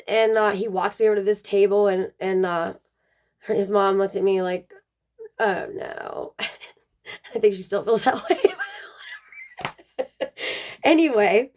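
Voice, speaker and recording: A woman casually telling a personal story, rambling with plenty of "um" and "like" fillers. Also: fairly low pitch.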